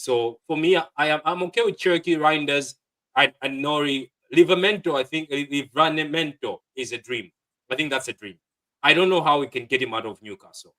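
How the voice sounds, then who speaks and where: A man's voice: mid-range voice, fairly bright tone, poor audio. A man, a guest on a football talk stream, rambling with many fillers and restarts. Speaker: guest fan channel host. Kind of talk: casual football chat.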